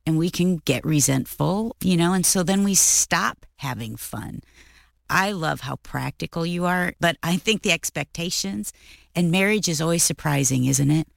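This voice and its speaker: A woman co-hosting a radio talk show, expressive and quick to laugh. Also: lowish voice, vocal fry, dry recording, studio quality. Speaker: co-host.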